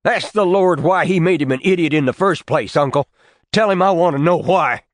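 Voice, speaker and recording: A man's voice: fairly high pitch, normal speed, no echo, clean studio sound, voice pushed up, natural voice. A man voicing a tense young schoolteacher who speaks tightly and barely keeps control. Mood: angry.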